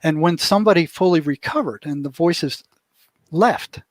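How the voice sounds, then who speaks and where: A man's voice: on the high side, normal speed, no room sound. Older man telling a vivid story. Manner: vivid storyteller who acts out what people said. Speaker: interview guest, former prison mental health worker. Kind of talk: storytelling in a casual interview.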